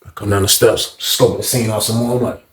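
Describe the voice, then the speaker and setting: A man's voice: lowish voice, steady tone, fast talker, fairly bright tone, reverberant. A man telling a story in a casual, slangy way, acting out the people he quotes. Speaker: storyteller, channel host.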